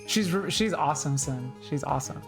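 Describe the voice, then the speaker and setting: A woman's voice: sits low, lively intonation, a little fast, over music. A young woman streaming a game, chatting casually and self-deprecatingly with her viewers. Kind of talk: casual chat while playing.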